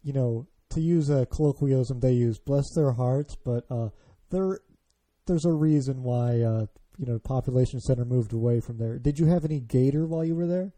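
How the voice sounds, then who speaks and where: An American man hosting a casual podcast chat, asking questions with lots of hesitant pauses. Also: mid-range voice, mellow. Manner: hesitant, many fillers and restarts, asks questions. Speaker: podcast host.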